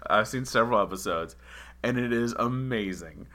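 A man hosting a casual interview podcast, telling stories in an animated way and laughing often. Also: medium pitch, moderate pace. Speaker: podcast host.

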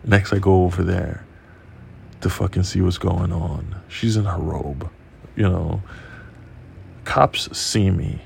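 A man hosting a podcast, telling a profane, animated story in casual monologue. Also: low voice, takes it slowly, gravelly, pauses often, a little hiss or hum. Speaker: podcast host.

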